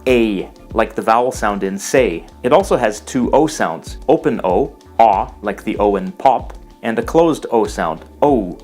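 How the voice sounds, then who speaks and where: A man narrating a scripted language lesson, explaining carefully and slowing down to pronounce example words. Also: lowish voice, animated, a little mellow, soft background music. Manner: measured, explanatory, slows to pronounce foreign words. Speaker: language teacher.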